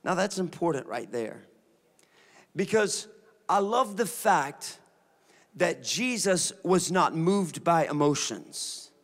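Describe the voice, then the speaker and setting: A man, a pastor preaching a sermon, moving from relaxed storytelling to shouted declarations. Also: fairly high pitch, takes it slowly. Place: church sanctuary.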